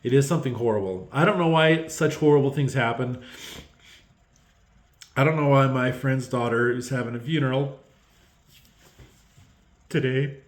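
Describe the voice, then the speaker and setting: A man giving a heartfelt, unscripted Bible devotional, halting with many pauses and restarts, close to tears. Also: mid-range voice, roomy sound. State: tearful.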